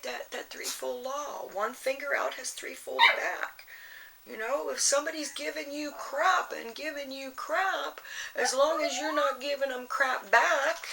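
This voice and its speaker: Gravelly-voiced woman giving a tarot reading. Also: fairly high pitch, bright, forceful tone, slight background noise, low-quality recording. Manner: rambling, full of "you know" and restarts; motherly advice-giving. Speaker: tarot reader. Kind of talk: casual astrology reading to camera.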